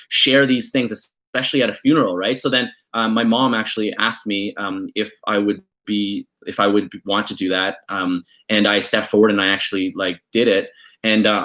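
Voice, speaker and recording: In his vlog, a young man from Canada with a fairly low voice tells a rambling, casual personal story full of fillers. He livens up whenever he acts out his relatives.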